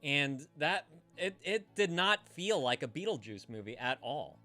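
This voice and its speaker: A man with a bright, forceful voice that swings widely in pitch, chatting casually on a live stream. He rambles, swears freely and stumbles into restarts. Faint music plays behind him. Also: expressive, measured pace. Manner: rambling, profane, stammers and restarts. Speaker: streamer hosting a call-in show.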